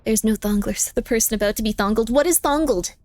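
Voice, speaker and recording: A woman live streaming a game, chatting casually with her viewers in a playful, teasing way, insisting on things over and over and breaking into squeaky high protests. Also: fast talker, a little mellow. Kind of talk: casual live-stream chat while gaming.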